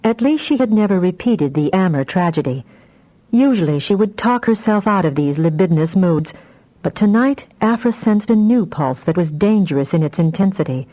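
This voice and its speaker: A woman narrating a fantasy audiobook in a measured, even storytelling manner. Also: lowish voice, lo-fi sound.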